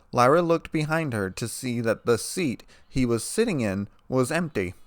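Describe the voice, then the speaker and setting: A man reading a fan story aloud as narrator, in a steady storytelling manner. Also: mid-range voice, moderate pace, few pauses, no echo.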